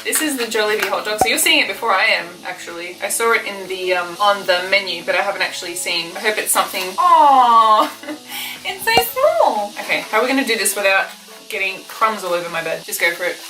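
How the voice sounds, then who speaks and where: A young Australian woman in her twenties chatting casually and giggling as she tastes fast food at home. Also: medium pitch, reverberant, distant mic, music in the background, low-quality recording. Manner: chatty, giggly, thinking aloud. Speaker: food vlogger. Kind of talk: casual food review vlog. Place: bedroom at home.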